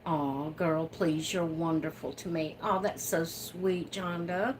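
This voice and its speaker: Slow-talking woman chatting on her livestream. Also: low-pitched, steady tone, a little hiss or hum. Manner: chatty, unhurried, laughs often. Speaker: livestream host. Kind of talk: casual live chat reading viewer comments.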